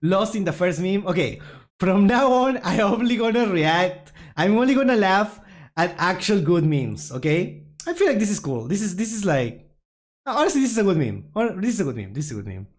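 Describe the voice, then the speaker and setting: A streamer reacts to memes in a relaxed way and chats with their viewers, laughing a lot and making fun of themselves. The voice sits at a medium pitch with a sing-song lilt and moves at a normal pace.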